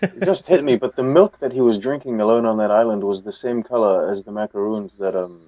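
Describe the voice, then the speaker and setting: Low quipping man, dull lo-fi sound. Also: brisk, warm tone, no echo. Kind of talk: casual chat.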